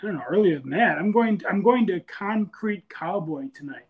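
A man's voice: high-pitched, expressive, moderate pace, phone-quality sound, a crowd in the background. A man calling into a podcast, chatting in a laid-back, easygoing way. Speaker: caller. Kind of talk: casual call-in chat.

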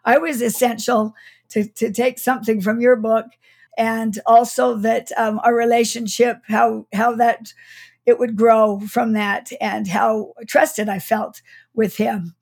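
A woman's voice: fairly high pitch, little pitch movement, measured pace, gravelly, darkish tone. A middle-aged woman, a guest author, telling a childhood memory in an interview, reflective, with small laughs and restarts. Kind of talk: storytelling in an interview.

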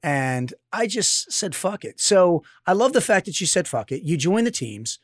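A man's voice: sits high, sing-song, moderate pace, no echo, studio quality. Blunt, enthusiastic man hosting. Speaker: podcast host, former SEAL. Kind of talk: casual interview chat.

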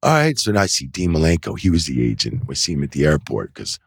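Man, middle-aged, very low husky voice, dry close sound, lively storyteller, casual interview. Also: fast talker, no room sound. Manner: animated anecdotes, acts out quoted voices; loose, full of fillers like "you know" and "like". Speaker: wrestling referee telling stories as a guest. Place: indoor interview set.

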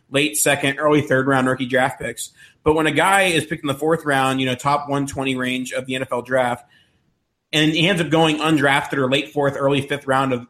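A man's voice: mid-range voice, a bit bright. A man co-hosting a podcast, steadily laying out his analysis in casual chat. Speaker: podcast co-host.

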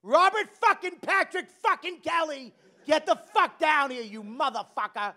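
A man's voice: extremely high pitch, animated, moderate pace, pitched above the performer's own voice, heavily acted. A man doing a screaming, foul-mouthed mother. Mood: furious. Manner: yelling, profane. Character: screaming furious mother of a small boy.

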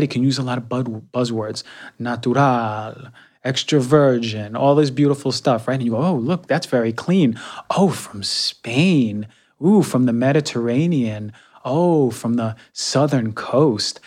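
A young adult man talking casually while reviewing health products, energetic and conversational, often using fillers and repeating words. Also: medium pitch. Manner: frequent fillers like um and right. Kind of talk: casual monologue.

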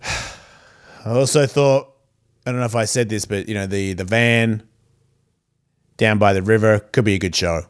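A man's voice: fairly low pitch, a little slow, pauses often. Profane rambling man podcasting alone. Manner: profane, meandering and self-mocking. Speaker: podcast host. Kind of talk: rambling solo podcast monologue. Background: cat purring and moving nearby.

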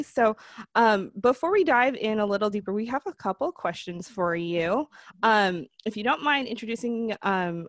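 A woman's voice: medium pitch, dry recording, studio quality. A woman hosting a casual podcast, introducing her co-hosts and guest with bubbly enthusiasm. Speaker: podcast host.

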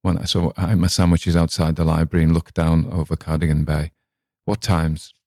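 A man's voice: a bass voice, little pitch movement, brisk, gravelly, dark tone, dry recording, studio quality. A man with a northern English accent, a podcast host chatting casually about a story he read, rambling with restarts and asides. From north of England.

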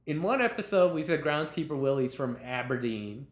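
A man, a television comedy writer, telling behind-the-scenes anecdotes in a lively way, laughing as he talks and acting out what people said. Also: on the high side, moderate pace, echoey room. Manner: lively storyteller, laughs while talking, acts out quotes.

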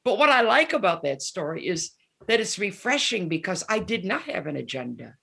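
A woman in her seventies with a medium-pitched, slightly rough voice and vocal fry speaks at normal speed. Interviewed casually as a guest musician, she tells candid stories with animation, acting out the lines of those she quotes.

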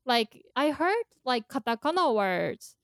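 High, smooth-voiced woman explaining carefully. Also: sing-song, no echo, clean studio sound. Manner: thoughtful, halting explanations with many fillers. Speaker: co-host explaining Japanese pitch accent. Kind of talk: casual podcast chat.

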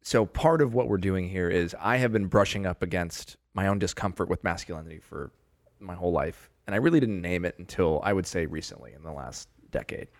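A man's voice: low voice, brisk, dry recording, clean studio sound. A man hosting a podcast, talking in an earnest, effusive and self-reflective way. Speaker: podcast host.

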